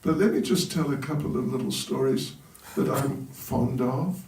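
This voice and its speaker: A man's voice: mid-range voice, moderate pace, a little mellow. A man, a monk, telling humorous stories in a sermon at a temple and chuckling at his own jokes. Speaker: monk giving a talk at a temple. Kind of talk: storytelling sermon. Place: temple hall. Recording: roomy hall, voice from a distance.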